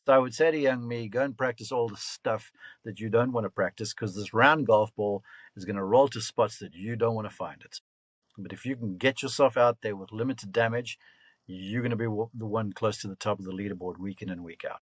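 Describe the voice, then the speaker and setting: A man in his fifties, a golf coach and broadcaster, telling lively anecdotes and laughing often in a casual podcast interview. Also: fairly low pitch, a little fast, no echo. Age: 50s.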